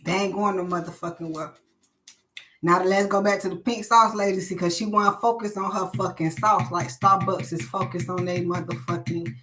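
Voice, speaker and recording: A woman's voice: medium pitch, bright, forceful tone, a little hiss or hum. A woman hosting a live stream, ranting bluntly and preachily with lots of swearing.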